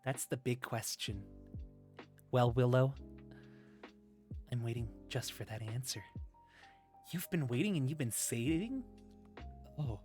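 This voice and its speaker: A man streaming live, chatting in a soft, breathy, put-on high "femboy" voice close to the mic, giggling and reading chat aloud. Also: takes it slowly, pauses often, soft background music.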